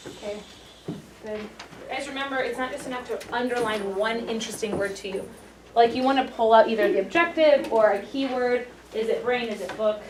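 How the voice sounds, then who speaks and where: A woman's voice: fairly high pitch, fairly quick. A woman teaching a class, upbeat and encouraging, playfully hyping the lesson. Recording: echoey room, mic far off, noisy.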